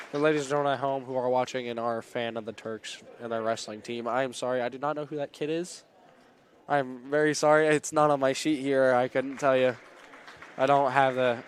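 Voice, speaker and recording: A man doing live play-by-play commentary at a school wrestling meet, excitable and rambling, often stopping to apologize. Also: medium pitch. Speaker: play-by-play announcer. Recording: loud gym crowd noise. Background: cheering crowd and shouting coach.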